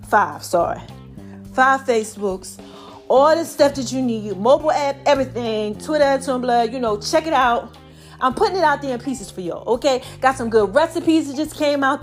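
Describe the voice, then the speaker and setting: Female podcast host, high-pitched, a bit winded, energetic motivational chat with soft music under it. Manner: lively, preachy, slangy, calls herself Mama. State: slightly out of breath. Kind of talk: casual inspirational monologue.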